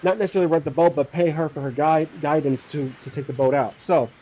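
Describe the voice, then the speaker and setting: A man's voice: a little high, fairly even intonation, quick pace, mellow, muffled recording. Hesitant man narrating his solo tabletop game. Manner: thinking aloud, hesitant, with frequent restarts.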